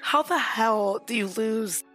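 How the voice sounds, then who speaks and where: A woman's voice: on the high side, slow, soft background music. A woman from Central Florida with its accent, co-hosting a podcast in casual chat and telling stories with lots of laughter and swearing. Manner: animated storyteller, laughs often, swears freely. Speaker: podcast co-host.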